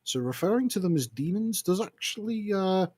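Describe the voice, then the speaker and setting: A man's voice: sits high, lively intonation, moderate pace, a little mellow, breathy edge, no echo. A man narrating as game master in a tabletop game over a voice call, rambling and correcting himself. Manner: rambling, self-interrupting.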